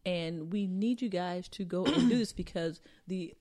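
A woman's voice: fairly low pitch, moderate pace, dark tone. A woman co-hosting a podcast in casual chat, joking and boasting playfully with slang. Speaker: podcast co-host.

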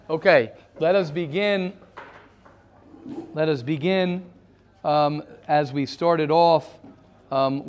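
A man leading an interactive study class, often restarting his sentences and mixing in Hebrew terms. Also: medium pitch. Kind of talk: interactive lecture.

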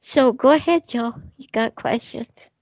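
This woman hosts a spiritual radio talk show, passing on messages in a soothing, reassuring way with drawn-out phrasing. Her voice sits on the high side with a darkish tone, and the recording is dry.

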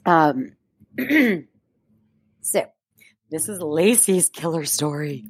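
Low-voiced woman telling a true-crime story. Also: expressive, extremely slow, slightly rough, no echo. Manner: reads a script with chatty asides and frequent laughs. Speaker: podcast co-host. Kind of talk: casual true-crime storytelling read from notes.

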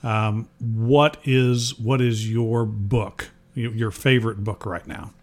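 A man's voice: on the low side, steady tone, slow pace. Easygoing man asking rambling questions. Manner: rambling, restarts questions, laughs easily. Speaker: interviewer. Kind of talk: casual interview chat.

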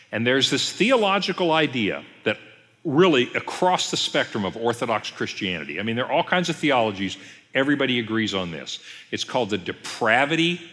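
A man, a pastor, giving an emphatic, conversational Bible teaching with pauses. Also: medium pitch, bright, forceful tone. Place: church sanctuary. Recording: long reverb of a church hall.

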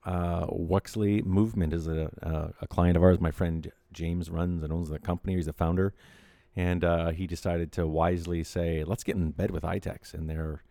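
A man's voice: low voice, flat delivery, moderate pace, dark tone, no room sound. A middle-aged man co-hosting a casual podcast, rambling with fillers and dry jokes. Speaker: co-host.

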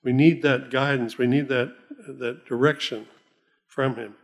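A man giving an informal Bible talk in a folksy, chuckling way, slowing down when he reads scripture aloud. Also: medium pitch, fairly even intonation, creaky. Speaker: lay preacher.

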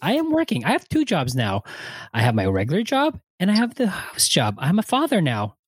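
A man's voice: high voice, huge pitch swings, breathy edge, no echo. A man chatting casually on a podcast, joking and rambling as he talks. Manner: joking, quick to laugh, rambling. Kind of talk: casual chat. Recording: dry close sound.

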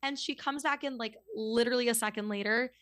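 A woman's voice: fairly high pitch, brisk, no room sound, studio quality. Chatty young woman, full of "like". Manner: chatty, lots of "like", animated retelling. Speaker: podcast guest. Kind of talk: casual storytelling chat.

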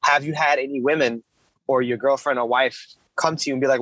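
A man co-hosting a casual podcast, talking in halting, rambling bursts with a lot of repeated words. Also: mid-range voice, fairly even intonation, fairly bright tone, no room sound, poor audio. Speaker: podcast co-host.

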